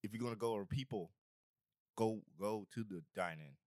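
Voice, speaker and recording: Low-voiced man in casual banter. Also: moderate pace, darkish tone, dry recording, clean studio sound. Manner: joking, playful trash talk. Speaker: podcast co-host. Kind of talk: casual chat.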